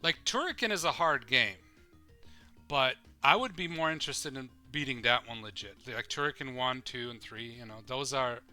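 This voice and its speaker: Bright-voiced man streaming a game. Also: mid-range voice, moderate pace, soft background music. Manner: rambling, swears casually, thinks aloud while playing. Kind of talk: casual live-stream commentary.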